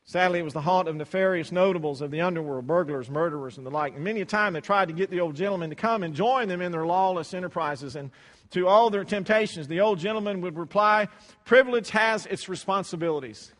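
A man preaching to his congregation with a fairly high voice. He talks loosely and conversationally, repeats words and acts out dialogue. The long reverb of a church hall hangs behind him. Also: fast, a bit bright. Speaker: pastor. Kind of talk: sermon.

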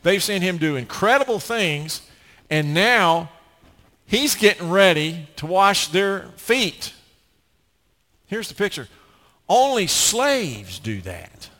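A man's voice: high-pitched, sing-song, slow, pushed and bright, long reverb tail. A man preaching a sermon as pastor, earnest and emphatic, often restarting his phrases.

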